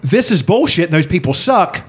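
Co-host: man, husky voice, lively swinging pitch, profane and jokey. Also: moderate pace. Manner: animated, laughing, profane banter. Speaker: podcast co-host. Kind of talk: casual chat.

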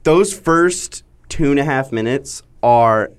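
A man co-hosting a movie podcast, chatting casually and telling animated stories. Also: medium pitch, takes it slowly, smooth. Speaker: podcast co-host.

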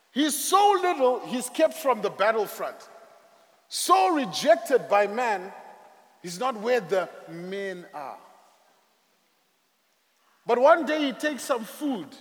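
A man preaching a sermon with dramatic, emphatic, drawn-out phrasing. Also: very high voice. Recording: echoey hall.

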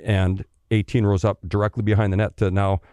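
A middle-aged man from Canada, a former pro hockey player, telling stories in a casual, animated way, swearing freely and acting out the people he quotes. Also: fairly low pitch, a little fast, clear, resonant tone, no echo, clean studio sound. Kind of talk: casual storytelling.

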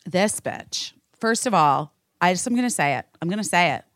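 A woman from the United States hosting a podcast, telling a story in a profane, animated rant. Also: lowish voice, normal speed, dry recording, clean studio sound. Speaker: podcast host. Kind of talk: casual podcast chat.

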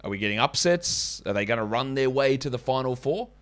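A man hosting a fantasy basketball podcast, talking casually with quick asides and self-corrections. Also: mid-range voice, lively intonation, fairly bright tone. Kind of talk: casual podcast talk with ad reads.

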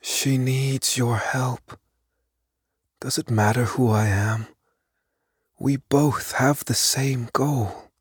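A man voicing a mysterious, soft-spoken woman on the other end of a phone line in an audio drama. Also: mid-range voice, fairly even intonation, breathy edge, no room sound, clean studio sound, voice pushed up, full character voice. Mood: hushed. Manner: soft and slow.

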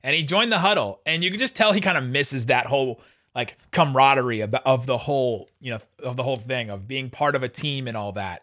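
Chatty guy doing a sports podcast, bright voice, laughs a bunch. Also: medium pitch. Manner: chatty, laughs often, restarts sentences. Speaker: podcast host. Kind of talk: casual sports podcast commentary.

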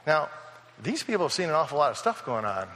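Bright-voiced preacher in a reverberant hall. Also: male voice, on the high side, sing-song, fast talker. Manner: conversational storytelling, acting out quoted voices. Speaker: pastor. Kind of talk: sermon.

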